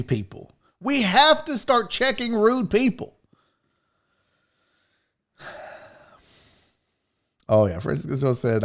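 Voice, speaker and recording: Animated, profane man hosting a rant. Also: mid-range voice, measured pace, long pauses. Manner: profane, exasperated, animated storytelling. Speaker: show host. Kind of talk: casual comedic rant, reading viewer comments.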